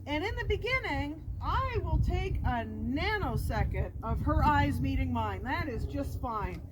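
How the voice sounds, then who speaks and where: A woman's voice: animated, measured pace. A woman dog trainer explaining each step plainly, outdoors near a road. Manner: explains steps plainly, praises the dog in a high sing-song voice. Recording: loud background noise.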